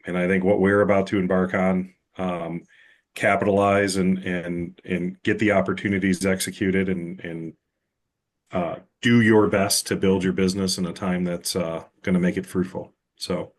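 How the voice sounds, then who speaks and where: A man being interviewed as a construction operations manager, answering in a measured, agreeable way. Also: deep voice, little pitch movement. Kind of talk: casual interview chat.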